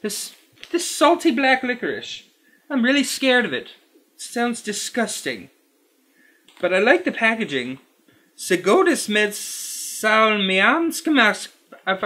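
An actor playing a fussy, squeamish male candy reviewer who hosts a comedy review, talking slowly and over-formally to camera. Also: sits high, sharp tone, slight background noise, exaggerated voice. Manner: slow, overly formal, wildly swinging delivery.

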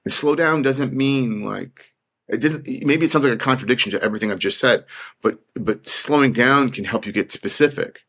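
A man's voice: mid-range voice, normal speed, fairly bright tone, breathy edge. A man who is an actor, talking earnestly in an interview and repeating phrases like a pep talk to himself. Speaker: actor, podcast guest.

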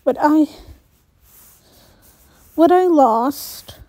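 A woman's voice: high voice, extremely slow, warm tone, dry recording. A woman reading a first-person story aloud, with restarts and little asides. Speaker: story reader.

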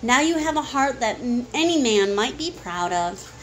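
A woman's voice: on the high side, expressive, normal speed, fairly bright tone, low-quality recording. A woman reading the part of a mild, kind male tin woodman.

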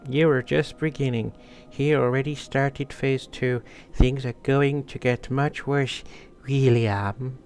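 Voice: medium pitch, steady tone, slow pace, hardly any pauses, darkish tone, a little hiss or hum. An actor voicing an ominous figure in a horror game who taunts the hero about worse things to come. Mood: menacing.

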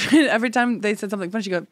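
A woman's voice: mid-range voice, quick pace, no room sound. Young ny woman chatting on a podcast, laughs a lot, swears, dry close mic. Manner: chatty storyteller, laughs often, curses. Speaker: podcast co-host. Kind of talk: casual chat.

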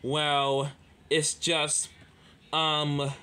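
A man's voice: fairly high pitch, level tone, very slow, bright, forceful tone, clear, resonant tone, heavily acted. A man voicing a guilty male engine stammering out excuses.

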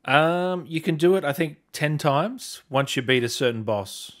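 A man hosting a casual interview, easygoing and laughing often as he asks quick questions. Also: on the high side, animated, a bit bright. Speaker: host.

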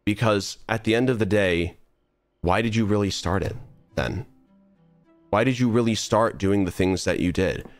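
A man's voice: on the low side, normal speed, no room sound, faint music behind. A young man streamer talking earnestly in a casual, rambling monologue full of restarts while he plays a game. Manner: rambling, earnest, many restarts and trailing asides.

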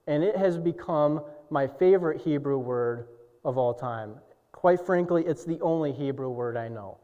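A young man preaching a sermon, swinging from shouted climaxes to low, quiet passages. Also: a little slow. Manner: impassioned preaching, soaring to shouts and dropping low. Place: church sanctuary. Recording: dull recording with long church reverb.

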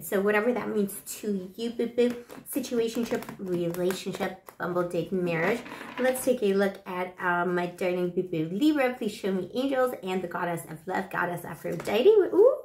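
A woman reading tarot in a casual, flirty, teasing way, full of pet names, with her voice still rough from the flu. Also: medium pitch, a little mellow, reverberant, a little hiss or hum. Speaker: tarot reader.

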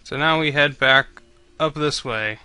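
A man's voice: fairly high pitch, measured pace, pushed and bright, clean tone, dry recording. A man commentating on a video game he is playing, swearing constantly and griping sarcastically at the characters. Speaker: let's play commentator.

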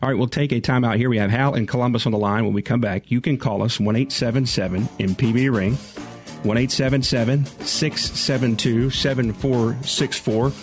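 A man hosting a call-in tech radio show, relaxed and joking as he takes callers. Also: mid-range voice, fairly quick, husky, soft background music. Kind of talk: casual call-in radio talk.

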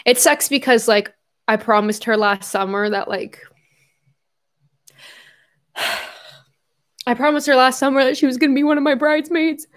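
A young woman with a fairly high voice talks casually to her viewers on a livestream. She is tearful and emotional, swears freely and chats loosely. Her talk is loose and unscripted, full of fillers. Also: steady tone, unhurried, pauses often. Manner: emotional, swears often, reads viewer messages. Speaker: YouTuber hosting a livestream.

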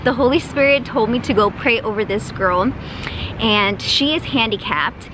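Brief: young woman vlogger, chatty and excitable, a bit high, phone mic with clear background noise. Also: normal speed. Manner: chatty, excitable, lots of "y'all" and "like". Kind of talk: casual vlog chat to camera.

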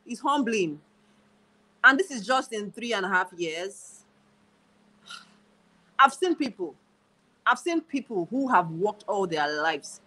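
A woman from Nigeria, probably in her thirties, talks with a crisp, bright tone. She speaks as an interview guest, emphatic and animated, repeating key phrases. Her voice sits in a middle register for a woman. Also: medium pitch, takes it slowly, pauses often, rough recording. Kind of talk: casual interview conversation.

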